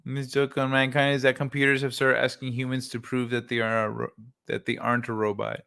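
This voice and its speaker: A man's voice: mid-range voice, level tone, brisk, gravelly, bright, forceful tone, clear, resonant tone. A man hosting a casual livestream, reacting to clips in a laid-back way, laughing often and swearing freely. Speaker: livestream host.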